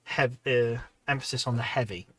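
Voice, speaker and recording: Male streamer, tired, chatty, rambling casual talk, mid-range pitch. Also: fairly even intonation, normal speed, slight background noise. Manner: rambling, chatty, many ums and restarts, reading out chat. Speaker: hobby livestream host. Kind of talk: casual livestream chat while painting miniatures.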